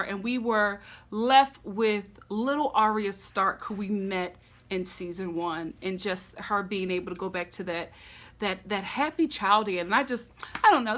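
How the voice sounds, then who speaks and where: A woman giving a casual, expressive TV episode recap as a vlogger. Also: medium pitch. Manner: expressive, animated storytelling.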